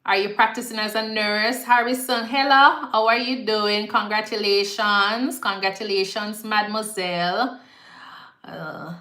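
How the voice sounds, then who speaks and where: A woman's voice: mid-range voice, steady tone, moderate pace, bright, forceful tone. A young woman with a Jamaican accent, a nurse hosting a casual live Q&A and mixing patois phrasing into her advice. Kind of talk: casual live-stream chat. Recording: echoey room.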